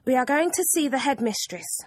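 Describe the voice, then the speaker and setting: A smug, stern female teacher speaks in a cold, clipped, accusing tone with a breathy edge, as a woman reading a storybook puts her on. Her lively pitch rises to scold and then sinks to icy satisfaction. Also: brisk, dry recording.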